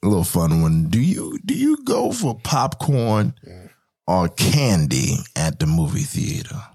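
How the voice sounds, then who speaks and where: A man co-hosting a casual podcast, playful and swearing in quick back-and-forth. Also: low-pitched, huge pitch swings, dark tone, husky. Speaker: podcast co-host. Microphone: studio headphones and mic.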